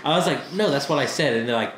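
A man telling a story in casual chat while high, laid-back and laughing a lot. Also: expressive, fast talker, roomy sound, heavy background noise.

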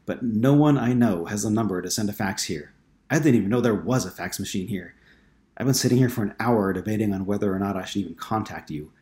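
A man's voice: on the low side, darkish tone, close to an everyday voice. A man reading an audiobook, voicing an anxious, earnest young woman who speaks urgently and pleads.

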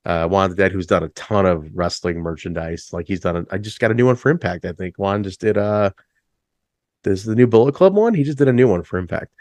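A middle-aged man in a band, telling stories in a casual chat. He is laid-back, swears freely, says "like" a lot and jumps higher when he acts out a story. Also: lively intonation, quick pace, a little mellow, dry recording. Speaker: band musician, interview guest.

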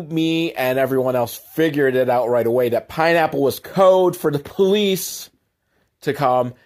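A man with a medium-pitched voice hosts a comedy podcast and rambles through a movie recap. He keeps slipping into sarcastic asides, and some of them sink into a low mutter. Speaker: podcast host.

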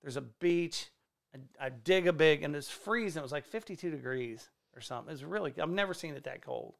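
A man with a high-pitched, gravelly voice tells a rambling story on a casual comedy podcast. He swears freely and gets excitable as he goes. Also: a little fast. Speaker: stand-up comedian.

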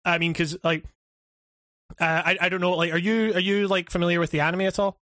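A man's voice: high voice, level tone, brisk, fairly bright tone, no echo, clean studio sound. Rambling man on a gaming podcast. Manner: rambling, hesitant, swears freely. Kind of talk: casual gaming chat.

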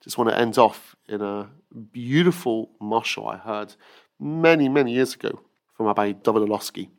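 A man's voice: lowish voice, moderate pace, gravelly. A man giving an earnest weekly Torah talk who tells stories and acts out the quotes. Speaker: rabbi teacher.

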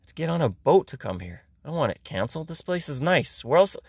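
A man's voice: a little high, sing-song, fast talker, gravelly, slightly rough, no echo. Ranting sarcastic man from Iran, dry sound. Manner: ranting, sarcastic, heavy swearing. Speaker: podcast host. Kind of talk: casual comedic monologue.

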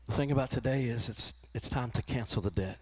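A man preaching a sermon to his church, often repeating and restarting words, and rising into animated quoted voices. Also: medium pitch, brisk, husky. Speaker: pastor. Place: church in front of a congregation.

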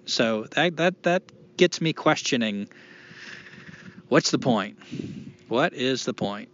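A man co-hosts a casual podcast, rambling, swearing freely, and making fun of himself. His mid-range voice is expressive and fairly bright and moves slowly, captured in a dull lo-fi recording.

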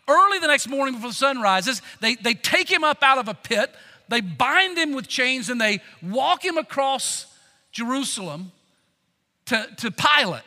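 A male pastor preaching a sermon with dynamic delivery, swinging between loud emphasis and hushed tones, often restarting words. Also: extremely high pitch, in a large hall.

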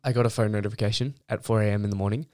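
A man's voice: lowish voice, steady tone, racing, darkish tone, smooth, no echo, studio quality. A young man, a university student, ranting bluntly and heatedly in a casual monologue, swearing freely. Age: young adult.

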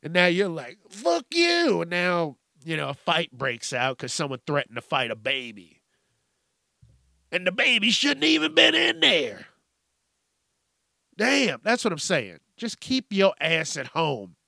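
A man's voice: on the high side, vocal fry, no echo. Podcast host, male, profane comic rant, dry close sound. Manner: profane, animated, acts out voices. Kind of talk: casual comedic rant.

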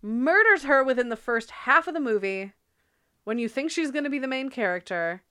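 Woman podcast host, bright tense voice, dry close mic, casual giggly chat. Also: sits high, moderate pace, clean tone, dry recording. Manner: giggly, animated, talks through film history.

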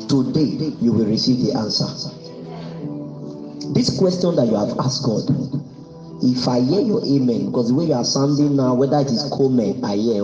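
A man pastor leading prayer at a service, fervent and repetitive, giving commands in prayer. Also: mid-range voice. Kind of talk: sermon and prayer at a live service. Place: church service, speaking online too. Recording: muffled, roomy recording with music behind.

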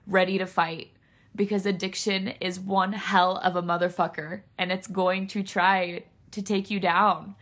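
A woman's voice: on the low side, level tone, a little slow, fairly bright tone. A woman hosting a solo podcast, speaking in a raw, candid way, emotional and close to tears, swearing freely. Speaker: podcast host.

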